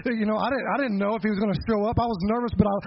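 Middle aged guy preaching on sunday, folksy storyteller, bit high voice, dull muffled recording. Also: steady tone, very fast, vocal fry, a little hiss or hum. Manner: folksy, earnest storytelling with asides and self-deprecating jokes. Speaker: pastor. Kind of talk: sermon with personal story. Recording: dull lo-fi sound.

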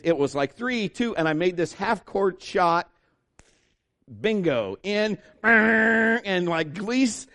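High-voiced man preaching with lively storytelling. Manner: animated storytelling, acting out quoted voices. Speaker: pastor. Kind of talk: sermon.

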